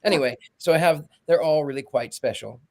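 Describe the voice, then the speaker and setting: A man's voice: on the high side, fairly quick, vocal fry, darkish tone. A man in casual podcast chat, telling stories animatedly and acting out the quotes. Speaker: podcast co-host.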